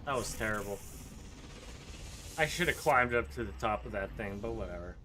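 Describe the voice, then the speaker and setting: A man's voice: lowish voice, brisk, bright, forceful tone, a little hiss or hum. A man streaming a video game, giving casual commentary and ranting with strong opinions and swearing. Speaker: gaming streamer.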